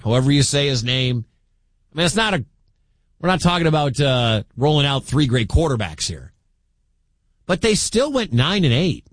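A man hosting a sports talk show, arguing his opinions with lively swings in pitch. His voice sits at a middle height and sounds dry and close, with no room around it. He speaks straight to his listeners. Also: no room sound. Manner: animated, argumentative, talks straight to listeners. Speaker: sports radio host.

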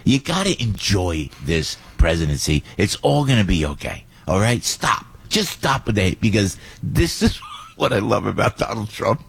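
Excitable husky-voiced male radio host. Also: fairly low pitch, normal speed. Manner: excitable, rambling, acts out other voices. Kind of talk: animated radio storytelling.

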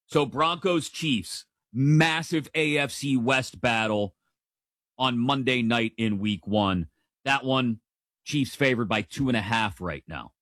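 A man's voice: medium pitch, slow pace, a bit bright, no echo, studio quality. A man in his forties hosting a sports podcast, giving playful, emphatic opinions in casual commentary.

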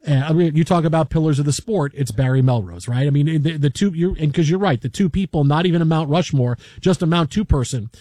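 A man hosting a sports radio show, telling a story in an animated, rambling way full of fillers from a radio studio. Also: fairly high pitch, fast, few pauses, no echo. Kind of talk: casual storytelling chat.

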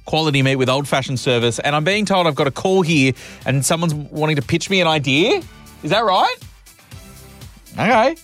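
High-voiced Australian radio host, chatty and jokey. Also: male voice, big pitch swings, moderate pace, a bit bright, soft background music. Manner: chatty, jokey, laughs easily. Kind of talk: upbeat radio banter. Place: radio studio.

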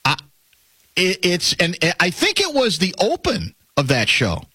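Animated male talk radio host. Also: high-pitched, measured pace, breathy edge, no room sound. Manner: animated, rambling, self-interrupting.

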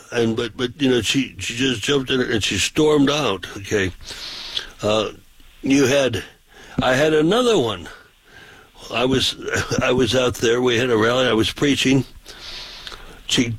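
A man's voice: mid-range voice, a bit bright, husky, no echo, poor audio. A man, a pastor, telling folksy, rambling anecdotes in casual talk-show style.

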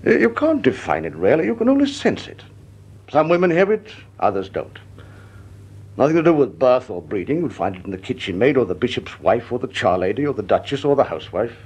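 A man's voice: mid-range voice, big pitch swings, fairly quick, a little mellow, husky. An actor playing a genial, bumbling older company chairman in a vintage radio drama, flustered and hesitant. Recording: dull lo-fi old radio recording.

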